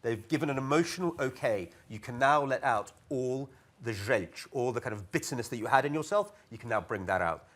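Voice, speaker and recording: Male panelist, ex-TV producer, animated conversational delivery with frequent repeats. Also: medium pitch. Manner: animated, repetitive, quick asides. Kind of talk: panel discussion talk.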